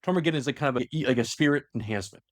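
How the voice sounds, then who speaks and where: Podcast guy retelling the story quick, lots of "like" and restarts, dry close sound. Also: medium pitch, dry recording. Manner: rambling storyteller, heavy use of "like", many restarts. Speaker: podcast host. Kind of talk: casual lore recap chat.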